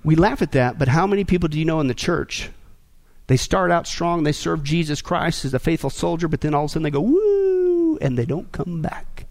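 A middle-aged male pastor preaching a sermon with sarcasm, swinging between loud bursts and hushed asides. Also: a little high, brisk.

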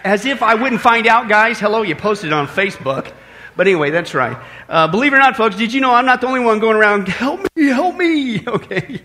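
An animated male pastor delivers a sermon to his congregation. His voice sits high and bright, and he moves from teasing jokes to forceful, repeated warnings. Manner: animated, joking, emphatic repetition.

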